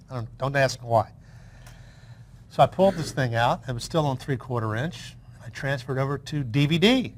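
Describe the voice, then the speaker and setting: An older man who is the guest in an interview, reminiscing in a chatty storytelling way with frequent restarts. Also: medium pitch.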